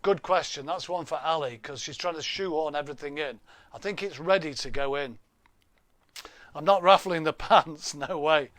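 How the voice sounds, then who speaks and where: Man host on a laptop live stream, slightly high voice, dry close sound, chatty and jokey. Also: normal speed, a bit bright, no echo. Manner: chatty, jokey, reads out viewer names, laughs often. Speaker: livestream host. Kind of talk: casual live stream chat. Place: home room. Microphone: laptop webcam.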